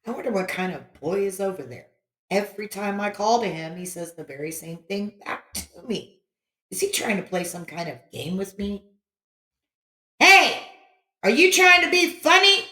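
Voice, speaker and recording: A woman voicing a lonely, quick-tempered little boy with a high, excitable voice. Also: lightly acted. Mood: wondering. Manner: high, excitable, shouting boyish voice. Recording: roomy echo.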